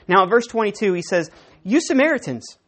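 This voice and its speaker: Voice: mid-range voice, sing-song, a little fast, a bit bright. A preacher giving a sermon, walking through a Bible passage verse by verse and acting out the quoted dialogue, with frequent self-corrections.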